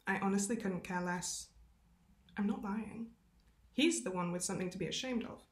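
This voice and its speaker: Expressive female reader of a novel, mid-pitched, with self-aware asides, roomy room sound. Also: moderate pace. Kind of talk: reading a novel aloud. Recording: roomy echo.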